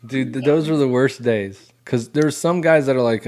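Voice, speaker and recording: A man's voice: medium pitch, normal speed. A man hosting a veterans' podcast in casual chat, laughing often and acting out quotes. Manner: laughing, animated, acts out quotes.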